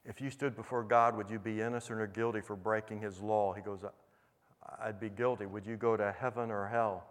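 A man's voice: on the low side, fairly even intonation, a little fast. A middle-aged man preaching, earnestly retelling a conversation with a young inmate as a testimony. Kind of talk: sermon storytelling. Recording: long hall reverb.

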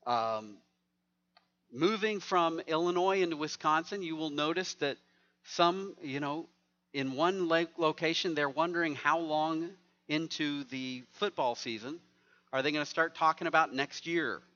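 A man's voice: a little high, unhurried, bright, forceful tone, highs cut off. A man preaching a sermon as pastor, conversational and joking with the congregation.

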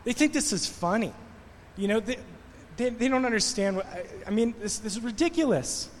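A man with a high voice preaching a sermon in a church. He tells a story in a relaxed way, then builds to passionate, rising preaching. A long hall reverb hangs on his words. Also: brisk, a little hiss or hum. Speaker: pastor.

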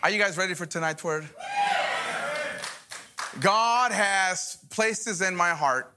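A man's voice: high voice, slow pace, pauses often, sharp tone. A middle-aged man preaching a revival sermon as a guest pastor, joking with the congregation and calling for responses. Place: church service before a congregation.

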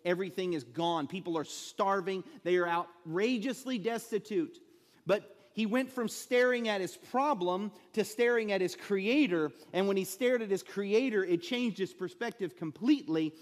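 A man preaching a sermon as a pastor, building to emphatic peaks with dramatic pauses. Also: fairly high pitch, big-room sound. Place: church sanctuary.

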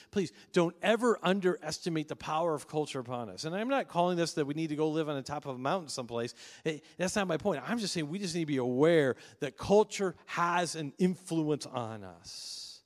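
Guy preaching a sermon, earnest and emphatic, slightly higher voice, lots of hall reverb. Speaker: pastor.

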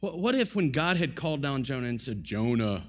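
A man preaching a sermon in an animated style, his voice rising and falling sharply. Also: fairly high pitch, a little fast, muffled recording. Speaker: pastor.

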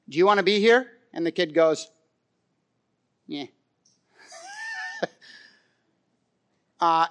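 A man with a high voice preaches a sermon and tells a story with real animation. He swings between loud, excited passages and quiet, pleading ones.

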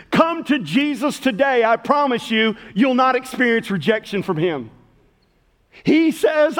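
A middle-aged man preaching as pastor to a congregation in a church, swinging between loud calls and hushed words. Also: very high voice, big pitch swings, normal speed. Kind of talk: sermon. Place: church sanctuary. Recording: long hall reverb.

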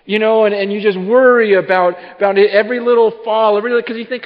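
A man in his thirties preaching a sermon, halting and repeating words, telling stories with lively acted-out asides. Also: high voice. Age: 30s. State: short on sleep. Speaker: pastor. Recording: dull sound with long hall reverb.

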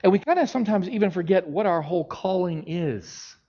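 In a sermon captured on dull lo-fi audio, a middle-aged man with a high-pitched, brisk voice tells a story. He's an animated storyteller who acts out the voices of the people he quotes.

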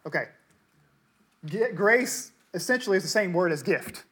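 Man, pastor, sermon, slightly high voice, conversational, emphatic, repeats for stress. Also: expressive, normal speed, fairly bright tone, husky.

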